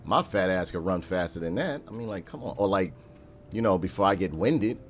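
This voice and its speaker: A man streaming a game, joking and cursing in an animated, storytelling way. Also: low voice, brisk, faint music behind. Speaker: gaming streamer. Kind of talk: casual let's-play commentary.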